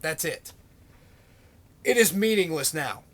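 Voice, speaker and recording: Sarcastic high-voiced man ranting. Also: animated, moderate pace, a bit bright. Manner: sarcastic, profane, exasperated. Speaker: vlogger. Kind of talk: political rant to camera.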